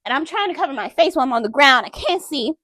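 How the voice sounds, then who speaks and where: A woman with a fairly high voice recounts a personal story straight to the camera. She talks candidly and conversationally, speaking directly to her viewers. The recording is close and dry, with almost no room sound. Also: expressive, fast talker, bright, forceful tone, no room sound. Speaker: vlogger.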